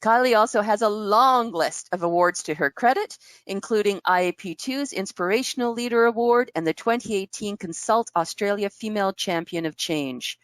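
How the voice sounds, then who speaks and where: A woman's voice: medium pitch, moderate pace, hardly any pauses, no echo. A woman hosting a webinar, reading a guest's bio and welcoming her in an upbeat way over a video call. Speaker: webinar host. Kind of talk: webinar introduction.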